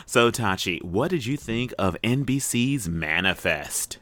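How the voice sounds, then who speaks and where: A man hosting a TV review podcast in casual chat, excitable and rambling, laughing often. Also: medium pitch, a little slow, few pauses, dry recording, clean studio sound.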